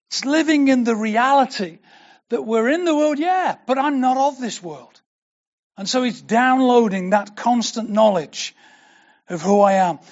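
A man's voice: very high-pitched, highs cut off. An older man preaching a sermon as pastor, earnest and building to emphatic declarations.

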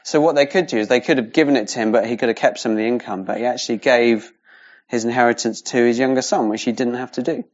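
A man's voice: medium pitch, steady tone, fast. A man gives an informal Bible teaching. He talks in a loose, rambling way and often checks in with "yeah?". The recording sounds a little dull and lo-fi. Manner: casual, rambling, with many fillers and tag questions. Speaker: Bible study leader.

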